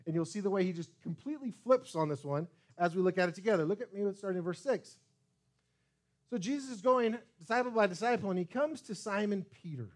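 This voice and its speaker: Animated, high-voiced male pastor preaching. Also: a little fast. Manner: animated preaching with sudden loud and soft swings. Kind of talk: sermon. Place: church sanctuary.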